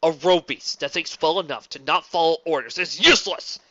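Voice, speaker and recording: A man's voice: medium pitch, normal speed, natural voice. A man voicing an arrogant young villain prince who barks orders imperiously, in a dull lo-fi recording. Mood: furious.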